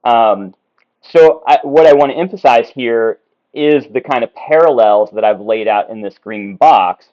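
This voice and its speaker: Male Bible teacher, mid-pitched, casual and self-correcting, dull lo-fi recording. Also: a little mellow. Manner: conversational, many ums and self-corrections. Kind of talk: explaining a Bible passage at a whiteboard. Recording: slightly dull lo-fi sound.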